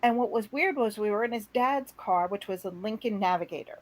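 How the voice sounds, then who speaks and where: Woman co-host, mid-pitch, chatty, throws herself into quoted dialogue. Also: brisk, rough recording. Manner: animated storyteller, acts out quotes. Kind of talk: casual chat.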